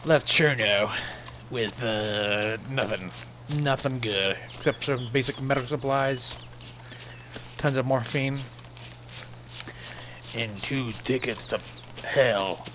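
A man's voice: mid-range voice, slow pace, long pauses, noisy background. A young man giving casual, rambling commentary over a survival game, sarcastic and swearing freely. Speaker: gaming channel host.

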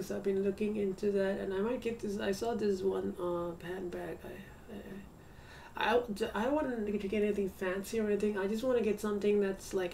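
A tired woman records a casual video diary at home. She speaks in a mellow, low-key voice, hesitant and soft, and now and then slips into a whisper. She sits a little away from the mic, with a faint hum in the room. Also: gravelly, far from the mic. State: tired, yawning. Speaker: vlogger.

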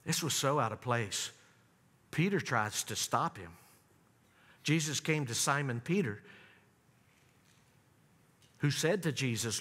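Slow dramatic male preacher in a reverberant hall. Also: lively intonation, husky. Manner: dramatic storytelling, swinging from loud high emphasis to low hushed lines. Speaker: pastor. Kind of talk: sermon. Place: church sanctuary. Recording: long church reverb.

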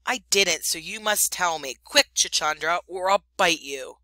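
A brave young male mongoose snaps out his lines in a brisk, scornful way, as a woman reads him in a storybook. The voice is bright and close, recorded dry. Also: on the low side, dry recording.

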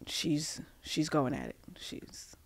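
Whispering in a low-pitched voice whose pitch swoops wildly, a Massachusetts podcast guest tells a personal story with many fillers and restarts. She acts out the dialogue she quotes, and the recording has no echo.

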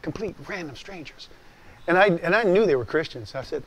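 A man in his sixties, a pastor telling a personal testimony in an animated way, dropping to hushed asides and rising to loud bursts. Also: a little high, fast talker. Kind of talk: storytelling testimony.

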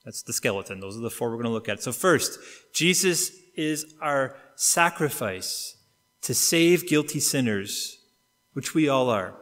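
A middle-aged Canadian pastor with a slightly high voice preaches a sermon in a church sanctuary, telling a story and acting out the quotes. He swings widely and suddenly between quiet and loud and between fast and slow, and the church hall gives a long reverb.

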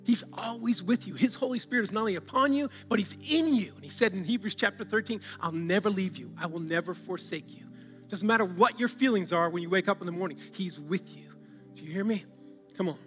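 A man's voice: high voice, a little fast, fairly bright tone, long reverb tail, soft background music. A man preaching a sermon as pastor, exhorting the congregation, calling out to them often and laughing between points.

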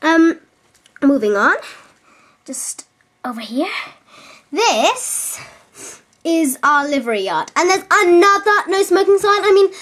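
A woman's voice: very high voice, sing-song, takes it slowly, pauses often, fairly bright tone. Giddy young woman squealing through a tour. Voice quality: giddy, squealing whoops, valley-girl "like" fillers. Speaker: mock stable owner giving a tour. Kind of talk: silly improvised home-video comedy tour.

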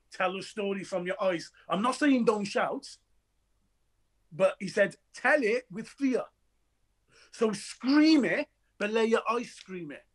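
An actor being interviewed about his film chats in an animated, anecdotal way with a high-pitched, energetic voice. He's a restless storyteller who performs the quoted dialogue.

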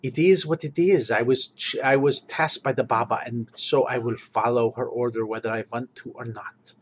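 A man voicing a gruff old warlord who guards a hut, with a put-on Slavic accent and a stern, fatalistic manner. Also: medium pitch, fairly even intonation, moderate pace, a little hiss or hum, close to an everyday voice.

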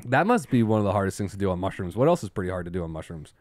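A man's voice: very fast, no echo, clean studio sound. A young man co-hosting a podcast, telling stories animatedly and acting out quotes. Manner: animated storyteller, acts out quotes in a higher voice. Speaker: podcast co-host. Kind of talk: casual chat.

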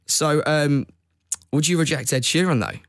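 A man's voice: on the high side, normal speed, no echo, clean studio sound. A man hosting a radio interview, jokey and playful, acting out little scenes in casual chat. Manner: jokey, playful, acts out quotes. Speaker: radio host.

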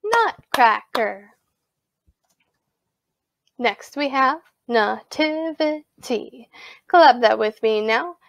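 A woman teaching a virtual music lesson to young children, giving slow, clear instructions. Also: on the high side.

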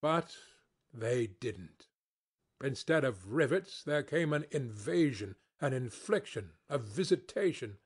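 A man narrating an audiobook in a measured, deliberate storytelling manner. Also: mid-range voice, animated, slightly rough.

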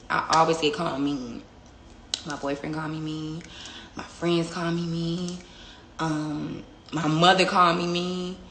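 A young woman talks straight into her phone on a casual livestream, blunt and confrontational and swearing freely. Her voice sits low with a gravelly edge. The room is echoey, and noise is clearly heard behind her. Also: fairly bright tone. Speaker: livestream host.

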